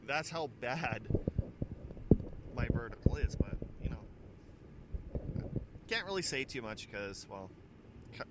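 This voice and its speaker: A man's voice: mid-range voice, animated, takes it slowly, long pauses, heavy background noise. A man hosting a casual morning radio show, telling rambling, jokey stories and laughing at himself as he runs trivia on a handheld mic. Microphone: handheld microphone.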